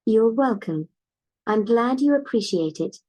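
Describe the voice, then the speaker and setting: A woman's voice: fairly high pitch, expressive, a little slow, mellow, low-quality recording. A woman's synthetic voice with a British accent, an AI companion giving short, repetitive affectionate replies.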